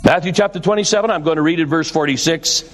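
An older man preaches in a church, his voice sitting fairly high. He has a preacher's cadence, drawing words out slowly for weight and rising at his exclamations. The sound carries a long reverb from the hall around him. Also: faint music behind. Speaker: pastor. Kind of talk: sermon.

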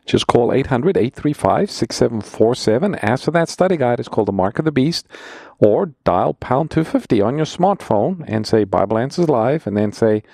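A man's voice: medium pitch, animated, moderate pace, creaky, a little mellow, no echo, studio quality. A man co-hosting a radio Bible call-in show, upbeat as he reads out offers, introduces callers and adds teaching points. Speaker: co-host pastor.

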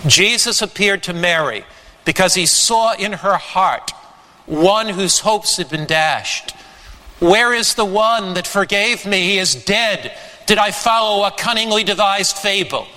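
A man preaching a sermon, slow and emphatic with dramatic pauses. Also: high voice, bright, forceful tone, long reverb tail, poor audio. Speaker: pastor.

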